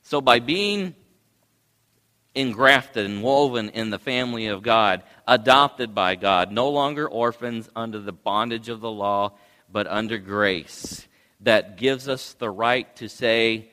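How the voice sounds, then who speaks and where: A male pastor delivers a sermon in a slow, low, bright voice. His preaching rises into loud cries at times. The sound carries the long reverb of a church hall.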